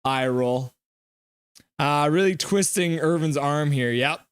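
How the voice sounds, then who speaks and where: A man's voice: fairly high pitch, slow, clear, resonant tone, no echo, studio quality. Chatty man reading live chat. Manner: reads viewer comments aloud and riffs on them; chatty, loose, many fillers. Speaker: livestream host. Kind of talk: casual live-stream chat.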